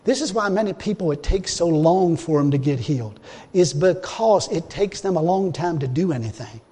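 A man with a high voice tells a personal faith story as a sermon. He talks in a plain, folksy way, jumping from loud, emphatic lines to low, groaning asides. The sound carries a long reverb, as in a large hall. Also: animated, normal speed, husky. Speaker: preacher. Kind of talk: sermon testimony.

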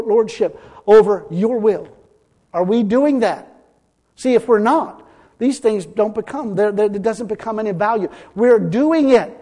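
A man preaching a sermon as pastor, talking conversationally, repeating himself and swelling louder for emphasis. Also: sits high. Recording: long hall reverb.

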